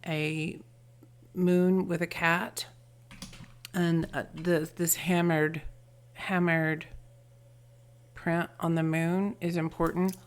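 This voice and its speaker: A woman giving an intuitive tarot and charm reading, gentle and affectionate, often trailing off into soft murmurs. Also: on the low side, flat delivery, slow pace, long pauses, clear, resonant tone. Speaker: tarot reader and channeler.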